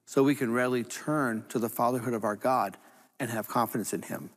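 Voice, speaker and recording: A man's voice: medium pitch, steady tone, fairly quick. A man preaching an earnest sermon as a Catholic priest, telling a story and repeating phrases for emphasis.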